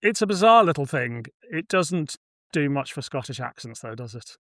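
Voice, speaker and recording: A man's voice: on the high side, sing-song, moderate pace, fairly bright tone, no echo, clean studio sound. A man hosting a podcast in casual, easygoing chat. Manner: laughing easily, chatty. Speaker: podcast host.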